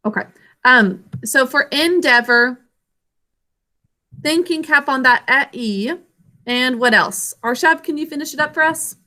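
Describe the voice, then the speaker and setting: A woman teaching reading online over a video call carefully sounds out words, syllable by syllable, slowly and clearly. Her high voice comes across bright, with a forceful tone.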